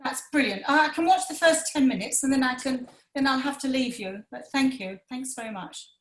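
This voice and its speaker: A woman's voice: sits high, moderate pace, roomy sound. A woman asking polite, slightly flustered questions on a video call. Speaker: class participant. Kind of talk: casual chat.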